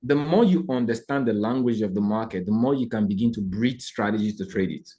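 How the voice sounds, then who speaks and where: Fairly low in pitch and brisk in pace, a man delivers a trading lesson live to his audience. He preaches with animation, fires off rhetorical questions, and keeps checking in with viewers.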